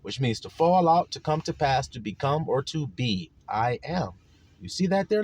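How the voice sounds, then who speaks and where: A man's voice: medium pitch, sing-song, moderate pace, darkish tone, slightly rough. A man giving sermon-style teaching, emphatic, drawing out key words and asking his listeners again and again if they see it. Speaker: religious teacher.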